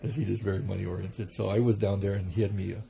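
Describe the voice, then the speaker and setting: A man, a kung fu teacher and reverend, telling rambling, animated stories in a casual interview, with many restarts. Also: on the low side, fast, gravelly. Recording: dull lo-fi recording.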